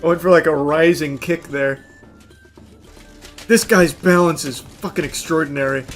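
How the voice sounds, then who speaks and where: A man giving live gameplay commentary, excitable, yelling, cursing and laughing in bursts. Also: fairly high pitch, normal speed, soft background music. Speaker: gaming commentator.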